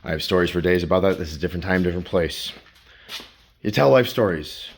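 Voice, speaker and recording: A man's voice: deep voice, expressive, fast, a little hiss or hum. A man vlogging as he walks around his home, rambling and swearing as he talks to himself in the second person. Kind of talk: rambling self-talk vlog. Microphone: handheld phone.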